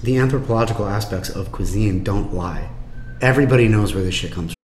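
A man's voice: lowish voice, fast talker, roomy sound, soft background music. Blunt, swearing American man. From United States. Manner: blunt, swears freely, animated. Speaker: chef and restaurateur. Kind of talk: casual conversation.

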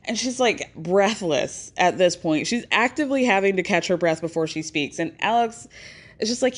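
A woman hosting a casual chat show, recapping events in a chatty, animated way and acting out the lines she quotes. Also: on the low side, normal speed. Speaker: podcast host recapping a reality show.

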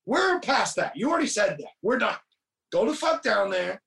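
A man voicing a stern, zealous middle-aged father who mutters low, profane threats. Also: big pitch swings, fairly quick, vocal fry, a bit bright, distant mic, exaggerated voice, poor audio. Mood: menacing.

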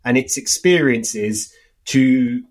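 A man's voice: medium pitch, takes it slowly. A man in a casual podcast chat, talking emphatically and often saying "mate" and "you know".

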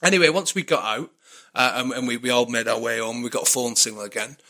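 A man with a British accent, a podcast guest telling a casual anecdote in a lively, chatty way and sometimes swearing. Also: medium pitch, quick pace. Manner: animated storyteller, acts out quoted dialogue, swears casually.

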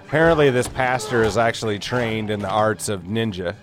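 A man's voice: fairly low pitch, brisk, music in the background. A man hosting a casual solo podcast, rambling and sardonic with frequent laughs, wheezing through a sinus cold. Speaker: podcast host.

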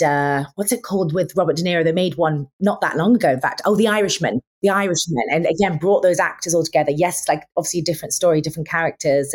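A young actress chatting as a guest in a casual interview, gushing and enthusiastic, with many fillers. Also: female voice, sits low.

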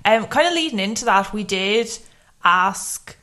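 A young woman co-hosts a casual podcast, talking in a loose, rambling way full of fillers. Her voice sits at a middle pitch. She chats easily with her co-host. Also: expressive, measured pace, pushed and bright. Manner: chatty, rambling with many fillers. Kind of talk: casual chat.

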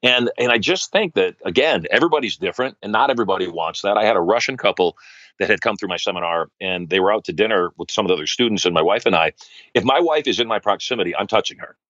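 Middle-aged male guest, deep-ish, lively storytelling, dry muffled podcast audio. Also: fast, no echo. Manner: animated storyteller, acts out quoted voices. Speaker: guest, wealth coach. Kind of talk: storytelling interview answers.

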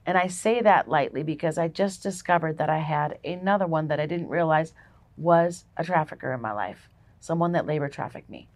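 A woman with a fairly low-pitched voice hosts a faith show and opens a Bible study, speaking casually yet emphatically, with no room sound. A podcast host and ministry founder, she comes across warm and chatty and leans on emphatic lists.

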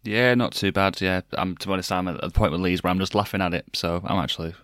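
A man's voice: low-pitched, steady tone, fast talker, a bit bright, dry recording. A man hosting a casual football podcast, talking in a dry, sardonic way. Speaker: podcast host.

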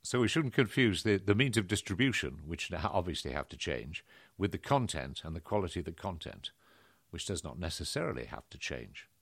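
A man hosting an interview in a brisk, opinionated way, his pitch jumping up when he presses a point. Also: sing-song, gravelly, husky, no room sound, studio quality. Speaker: host. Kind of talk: conversational interview.

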